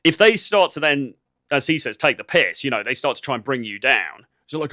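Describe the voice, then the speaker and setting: A man with a bright, forceful voice hosts a dating advice channel and reacts to a clip. He talks like a coach, relaxed and filler-heavy, and the sound is dry and close. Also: mid-range voice, fairly quick, no room sound. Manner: conversational and coaching, many "you know" fillers.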